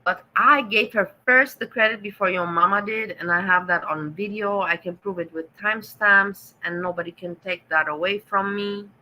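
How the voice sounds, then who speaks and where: A middle-aged woman with a German accent talks on a casual livestream, answering her chat directly. Her voice is bright and forward, and her manner is sarcastic and teasing, with blunt jabs at the viewers she addresses. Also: medium pitch, normal speed, hardly any pauses, low-quality recording. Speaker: livestream host reading chat.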